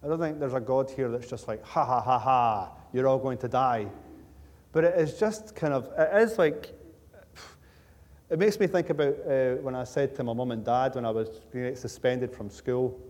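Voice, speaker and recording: A man's voice: medium pitch, moderate pace, dark tone. A man preaching a sermon in a conversational, joking storytelling manner, with emphatic repetition. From Scotland. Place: church sanctuary. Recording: church hall with long reverb.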